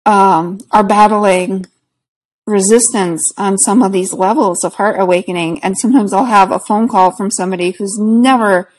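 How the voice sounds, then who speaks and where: A woman guest in a casual conversation who speaks reflectively and earnestly and laughs softly between thoughts. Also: mid-range voice, fairly even intonation, normal speed, poor audio. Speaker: podcast guest, spiritual practitioner.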